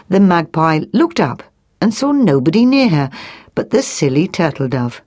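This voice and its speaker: A woman reading a children's folk tale aloud as storyteller, slow and expressive. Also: low voice.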